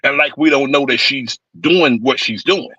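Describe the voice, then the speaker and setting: A man's voice: mid-range voice, moderate pace, bright, forceful tone, husky, dry recording, dull audio. A man on a live stream giving a blunt, rambling political rant, cursing freely. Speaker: stream panelist.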